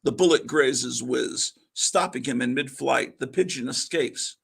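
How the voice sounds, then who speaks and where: A man's voice: mid-range voice, measured pace, vocal fry, few pauses, husky. A man reading a vintage comic book aloud in a casual way, stopping now and then for asides. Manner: reads along, breaking off for asides.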